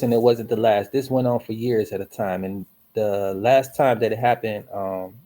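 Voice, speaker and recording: Man, mellow voice, casual storyteller, slangy and animated. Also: on the low side. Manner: animated, slangy, swears and laughs while telling a spooky story.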